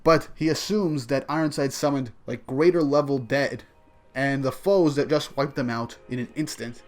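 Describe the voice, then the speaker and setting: A man casually recapping a manga chapter, speaking excitedly and speculatively, often restarting his sentences. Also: mid-range voice, moderate pace. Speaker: manga reviewer.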